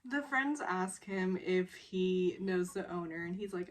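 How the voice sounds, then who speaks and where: A woman's voice: lowish voice, steady tone, slow pace, few pauses. A woman casually recapping a television drama episode, rambling with many fillers and often breaking into laughter.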